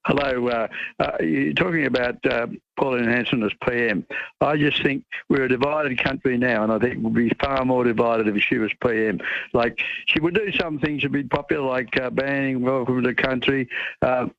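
An Australian man calls a radio show and airs his opinions in halting speech full of ums. His voice is gravelly with a lot of fry, and it comes through a dull, lo-fi phone line that sounds dry. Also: mid-range voice, dry recording. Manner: hesitant, many ums, opinionated. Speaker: caller.

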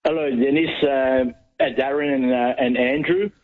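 A man's voice: medium pitch, fairly even intonation, normal speed. A man from Mauritius, a native French speaker, calling a radio show, friendly and hesitant. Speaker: caller. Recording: dull phone line.

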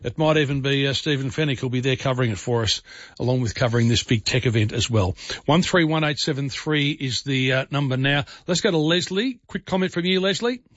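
A man's voice: mid-range voice, a little fast, no room sound, muffled recording. A man hosting a talkback radio show, chatting easily with callers and using lots of fillers. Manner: chatty, warm asides, frequent fillers.

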